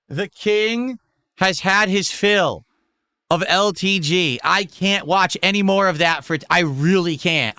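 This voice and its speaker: Bright-voiced man reacting on stream. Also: high voice, smooth, no room sound, clean studio sound. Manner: exclaiming, incredulous. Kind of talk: reaction commentary.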